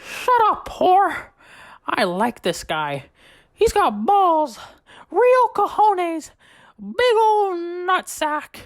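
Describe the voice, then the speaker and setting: A squeaky, foul-mouthed drunk Mickey Mouse. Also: male voice, sing-song, extremely slow, fairly bright tone, exaggerated voice. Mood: drunken rant. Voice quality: high squeaky falsetto.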